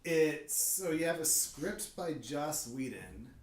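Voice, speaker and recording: A man's voice: on the high side, animated, slow pace. A man co-hosting a podcast, explaining film background in a thoughtful, detailed casual chat. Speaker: podcast co-host. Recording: roomy echoey room.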